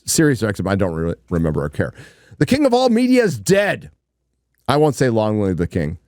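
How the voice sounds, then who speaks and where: A man's voice: on the low side, wildly swooping pitch, brisk, a little mellow, no echo, studio quality. A man hosting a livestream, giving blunt, rambling commentary and swearing casually. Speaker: livestream host.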